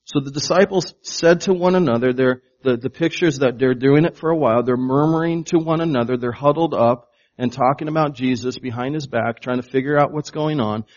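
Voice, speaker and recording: A man delivering a sermon at a medium pitch, leaning hard on key words and dropping low for others. He keeps turning to the congregation with questions. The recording sounds a little dull and muffled. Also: a little fast, hardly any pauses, a little mellow. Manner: emphatic, varies volume for stress. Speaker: pastor.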